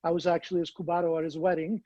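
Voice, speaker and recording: A man's voice: a little high, level tone, racing, warm tone, dry recording. Canadian guy w a bit of american in it, rambling songwriter, dull lo-fi call audio, dry. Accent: Canadian blended with American. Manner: rambling with frequent restarts. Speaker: songwriter guest. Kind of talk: casual interview chat.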